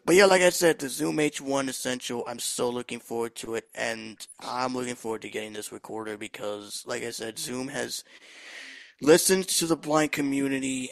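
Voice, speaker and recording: A man's voice: mid-range voice, vocal fry, low-quality recording. A man hosting a podcast, chatting casually and enthusiastically, in a loose, rambling way. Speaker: podcast host. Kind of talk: casual chat.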